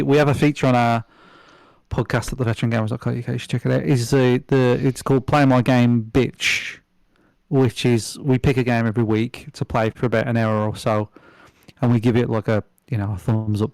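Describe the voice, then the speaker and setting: A man's voice: medium pitch, fairly even intonation, a little fast, vocal fry, darkish tone, no echo. Rambling, swearing man on a dry mic. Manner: rambling, swears freely, lots of fillers and restarts. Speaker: podcast guest. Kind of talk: casual chat.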